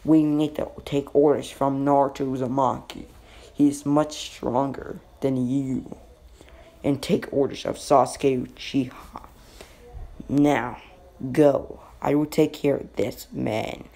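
A man's voice: medium pitch, fairly even intonation, slow, gravelly, mellow. A man doing a loyal masked ninja guard. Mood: firm.

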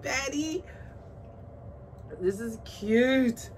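In this excited unboxing chat to camera, a woman gushes and squeals over a doll for her viewers. She speaks a little slowly in a lowish, darkish voice, pausing often. Faint background noise comes through a distant mic.

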